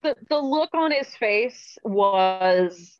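A woman's voice: mid-range voice, lively intonation, slow pace, no echo, dull audio. A woman guest on a video call, telling rambling, self-amused stories in a casual chat. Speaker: podcast guest.

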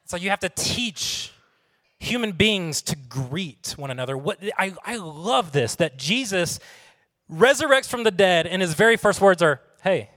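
A man's voice: high voice, sing-song, measured pace, fairly bright tone. A man, preaching a conversational sermon to his congregation and asking them questions. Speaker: pastor. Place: church sanctuary. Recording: long hall reverb.

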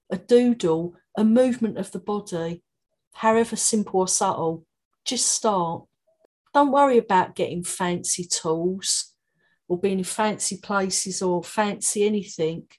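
Warm Cockney woman, calming and encouraging, podcast guest. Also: medium pitch. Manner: encouraging, laughs often. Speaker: guest, creative writing tutor. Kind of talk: podcast interview.

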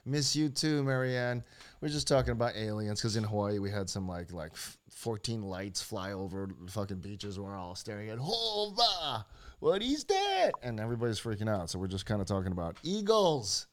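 A man's voice: fairly low pitch, fairly quick. A man co-hosting an online talk show in loose, joking chat, swearing freely and laughing often. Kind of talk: casual chat.

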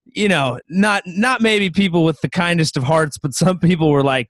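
A man's voice: fairly high pitch, moderate pace, dry recording. A young man co-hosting a casual podcast chat, often laughing and joking. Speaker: podcast co-host.

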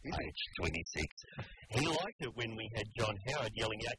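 A man hosts breakfast radio with dry, joking banter. His pitch moves lively through each line. Steady hiss sits under the broadcast. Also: normal speed. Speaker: radio host. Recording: noisy radio broadcast audio.

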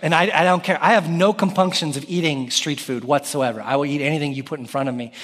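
A man in his thirties preaching a sermon as pastor, animated and calling out scripture with raised voice. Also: a little high, quick pace. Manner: animated, calls out scripture loudly. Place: church sanctuary. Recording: long reverb of a church hall.

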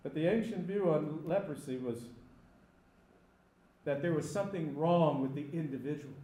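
A man preaching a sermon, emphatic, sometimes rising to loud cries. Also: fairly high pitch, reverberant.

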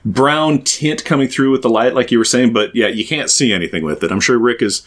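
A man's voice: mid-range voice, a little fast. A man co-hosting a casual podcast, reviewing a beer and recapping a comic book with jokes and silly quoted voices. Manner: joking, animated, slips into silly quoted voices. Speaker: podcast co-host.

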